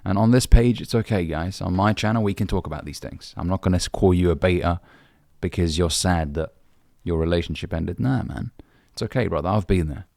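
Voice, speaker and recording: A man's voice: sits low, fairly quick, creaky, hardly any pauses, a little mellow, no echo, studio quality. A young man from the UK, a dating coach, giving blunt, brotherly advice and swearing casually. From United Kingdom. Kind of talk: direct-to-camera advice talk.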